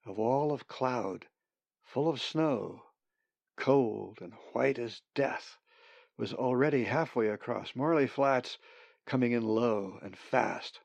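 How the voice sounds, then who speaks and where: A man narrating a storybook in a measured, deliberate reading. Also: medium pitch, gravelly, dry recording. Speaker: audiobook narrator. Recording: dull, slightly muffled sound.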